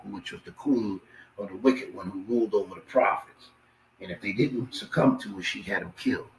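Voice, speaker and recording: A man acting as a Bible teacher, reading scripture aloud and adding commentary. He reads slowly, restarts phrases and breaks in with casual asides. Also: on the low side, a little hiss or hum, poor audio.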